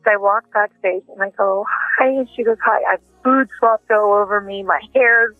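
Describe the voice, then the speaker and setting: A woman interview guest telling lively anecdotes and acting out what others said, heard down a tinny phone line. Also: mid-range voice, normal speed, dry recording, soft background music. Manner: lively anecdotes with acted-out quotes. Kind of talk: casual interview storytelling.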